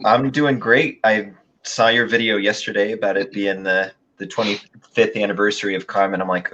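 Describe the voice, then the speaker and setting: Low-voiced man telling stories. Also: steady tone, normal speed, sharp tone, low-quality recording. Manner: rambling, hesitant with many fillers. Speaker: guest. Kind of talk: casual chat.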